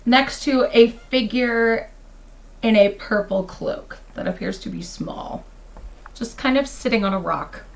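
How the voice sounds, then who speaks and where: A woman narrating as game master of a tabletop game, with slow, drawn-out delivery. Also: fairly high pitch, animated, creaky.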